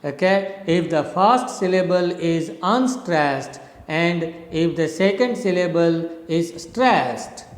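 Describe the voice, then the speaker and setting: A man's voice: fairly high pitch, lively intonation, slow, few pauses. A middle-aged man with an Indian English accent, teaching English literature in a recorded lecture, explaining carefully and checking with "okay?". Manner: explanatory, repeats points, frequent "okay?". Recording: roomy echo with long reverb.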